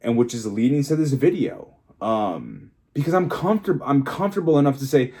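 A man's voice: medium pitch, lively intonation, a little fast, mellow. A young man talking frankly and emotionally in a solo vlog, rambling, restarting and swearing freely as a fitness coach. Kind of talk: candid solo vlog monologue.

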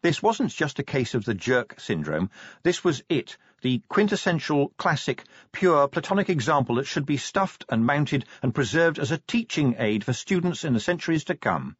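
Husky guy reading a funny audiobook, voice swoops all over, dull dry sound. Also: fairly high pitch, big pitch swings, normal speed, no echo. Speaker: audiobook narrator. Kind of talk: scripted comic narration.

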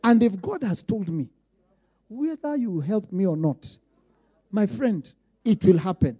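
A Kenyan man preaching with a high, mellow voice. He drops into quiet asides, then rises to loud, emphatic declarations, and repeats his lines for weight. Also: animated, unhurried, breathy edge. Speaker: pastor. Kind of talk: sermon.

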